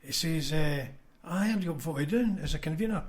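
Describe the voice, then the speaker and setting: A man's voice: fairly high pitch, animated, moderate pace. A Scottish man, a former union convener, telling blunt anecdotes in a casual podcast chat and acting out what others said. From Scotland. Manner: anecdotal, blunt, acts out quoted voices.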